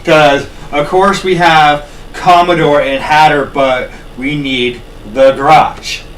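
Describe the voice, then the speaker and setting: Profane podcast co-host, man, slightly high voice, a bit off-mic with faint hiss. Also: takes it slowly. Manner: profane, animated storytelling. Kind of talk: casual chat. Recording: distant mic with faint noise.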